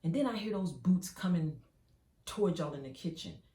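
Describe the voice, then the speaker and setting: A woman performing an intense dramatic monologue, swinging from hushed to loud as she tells it. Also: on the low side, expressive, normal speed. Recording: roomy, from a distance.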